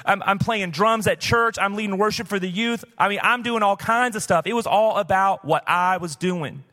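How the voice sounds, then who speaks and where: Brief: male pastor, fairly high voice, candid conversational sermon, live church hall echo. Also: moderate pace, pushed and bright. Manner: conversational, candid preaching with casual asides. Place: church sanctuary, live service. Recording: long church hall reverb.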